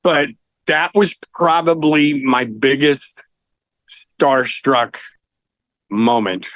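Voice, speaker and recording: A middle-aged man with a medium-pitched voice tells rock-and-roll stories in a relaxed interview. He is animated and chuckles as he goes. The sound is close and dry, with no room around it. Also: very slow, no echo, low-quality recording. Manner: animated, laughs while telling anecdotes. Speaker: rock singer, guest. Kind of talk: casual storytelling interview.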